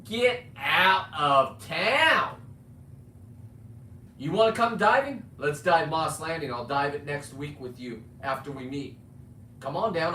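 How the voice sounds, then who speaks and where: A man's voice: on the high side, fairly bright tone. Blunt rambling man on a livestream. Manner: blunt, rambling, swears and restarts. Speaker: livestream host. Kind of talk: ranting livestream monologue. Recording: roomy sound, distant mic, faint ambient noise.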